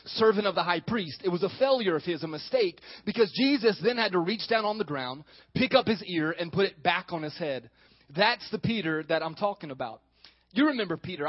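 High-voiced preaching pastor, dry and dull. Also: male voice, dry recording. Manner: animated, acts out scripture dialogue. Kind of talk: sermon.

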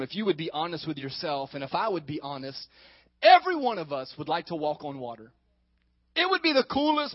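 A man with a high voice delivers a sermon as pastor. He is animated and acts out the dialogue in the passages he reads. The recording is dry and slightly muffled. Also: dry recording.

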